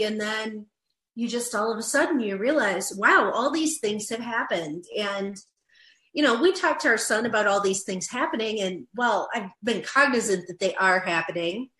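A woman's voice: a little high, normal speed, pushed and bright, reverberant, low-quality recording. A woman, a guest parent, chatting casually on a podcast and laughing easily. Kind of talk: conversational podcast talk.

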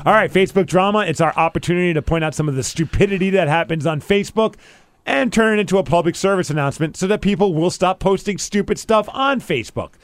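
A man's voice: high voice, quick pace. A man hosting a podcast with jokey, upbeat banter. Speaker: podcast host.

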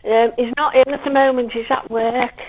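A woman's voice: on the high side, fairly even intonation, moderate pace, no room sound, highs cut off. Giggly woman in her sixties. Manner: giggly, chatty, rambling. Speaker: caller's mother on the phone. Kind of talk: casual phone chat.

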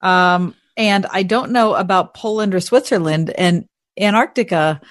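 A woman co-hosting a radio talk show from home, chatting in a lively, questioning way. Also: medium pitch, a little slow, dry recording, clean studio sound. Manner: lively, questioning, laughs easily. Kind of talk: casual on-air chat. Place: home spare room.

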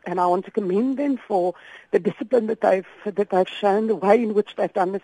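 A woman's voice: mid-range voice, mellow, no room sound, low-quality recording. A South African woman giving business commentary on the radio, earnest and full of fillers and restarts. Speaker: market analyst.

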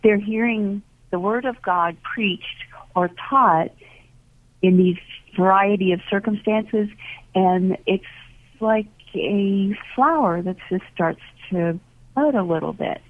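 A woman who teaches ministry classes, talking in a gentle, earnest way with many pauses and fillers. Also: mid-range voice. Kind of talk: reflective talk. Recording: phone-line audio, dry.

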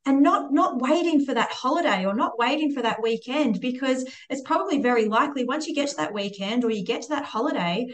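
A woman's voice: high voice, expressive, fairly quick, few pauses. A woman co-hosting a podcast, sharing a personal story in a reflective, conversational way. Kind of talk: casual chat, personal story.

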